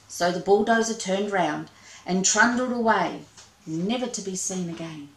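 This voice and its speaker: A woman reading a children's story aloud in a slow, expressive way. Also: medium pitch, reverberant, low-quality recording.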